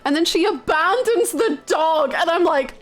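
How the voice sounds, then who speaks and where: A young British woman streaming a game and chatting with viewers, telling stories in an animated, laughing way. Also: very high voice, normal speed. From United Kingdom. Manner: animated, laughing storytelling, reading chat aloud. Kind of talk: casual live-stream chat with viewers.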